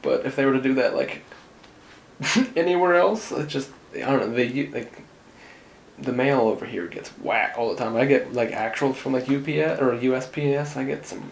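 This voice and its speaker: A man's voice: medium pitch, normal speed, creaky. A young man co-hosting a casual podcast chat, telling rambling, laid-back stories. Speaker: podcast co-host. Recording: roomy echo, faint ambient hum.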